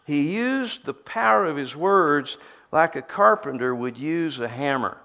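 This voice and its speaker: A man's voice: a little high, expressive, measured pace, gravelly, bright, forceful tone. A man preaching a sermon, reading scripture aloud and teasing the crowd with rhetorical questions.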